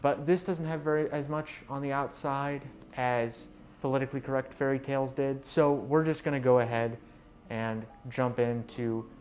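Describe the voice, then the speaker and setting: A man's voice: medium pitch, fairly even intonation, moderate pace, a little mellow, slight background noise. A man hosting a video, giving rambling, mocking commentary full of fillers and trailing asides. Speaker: video host reviewing books. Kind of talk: casual sarcastic commentary.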